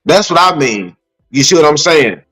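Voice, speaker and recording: A man, co-hosting a casual chat and making his point in an animated, persuasive way. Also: on the high side, normal speed, faint music behind, poor audio. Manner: animated, persuasive, repeats "you see what I'm saying". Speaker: podcast co-host.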